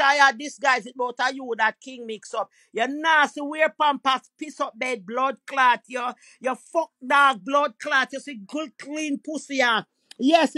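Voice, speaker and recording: Loud ranting Jamaican woman, high bright voice. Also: no echo. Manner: loud, aggressive, profane ranting with mocking insults. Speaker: social media personality. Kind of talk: angry diss rant to camera.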